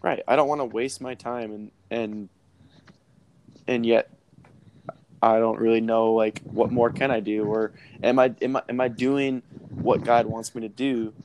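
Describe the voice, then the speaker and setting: A man's voice: medium pitch, little pitch movement, a little slow, darkish tone, slight background noise. A young man in casual faith conversation, speaking hesitantly and reflectively, often repeating words as he thinks.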